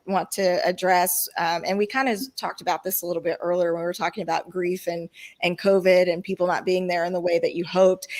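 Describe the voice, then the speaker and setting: A woman moderating a panel discussion, speaking thoughtfully and earnestly with frequent fillers. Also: lowish voice.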